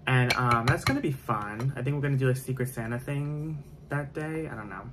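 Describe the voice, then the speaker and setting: Chatting casually through a makeup tutorial, a male beauty vlogger does his makeup on camera while sharing opinions and veering into tangents. His medium-pitched voice runs a little fast against heavy background noise.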